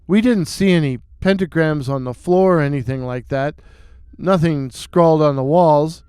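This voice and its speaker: A man narrating a listener's story aloud, dramatic, with dry deadpan asides. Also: a little high, measured pace, smooth, dry recording. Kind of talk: reading listener stories aloud.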